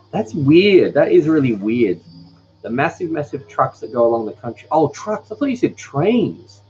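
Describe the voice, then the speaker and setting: A soft-spoken man, chatting casually as a host reading viewer comments on a live stream. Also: mid-range voice, dull audio, slight background noise. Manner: relaxed, rambling, with pauses. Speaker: cooking channel host.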